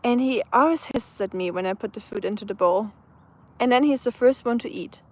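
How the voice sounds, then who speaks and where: Chatty German-accented woman, slightly high. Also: fairly quick, a little mellow. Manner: chatty, answers viewers' comments, frequent fillers and restarts. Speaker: live streamer. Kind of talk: casual live-stream chat. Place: outdoors on a sunny day.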